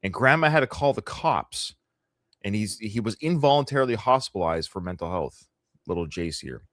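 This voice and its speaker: Joking Canadian man with a lively low voice. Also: normal speed, no echo, studio quality. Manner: joking, rambling, sarcastic. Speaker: podcast co-host. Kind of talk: casual live podcast chat.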